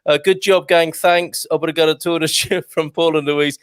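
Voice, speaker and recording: A man's voice: on the high side, steady tone, normal speed, clear, resonant tone, no room sound. A man hosting a casual online gardening show over a video call, chatty and laughing often as he reads out viewer messages. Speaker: host. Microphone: video call mic.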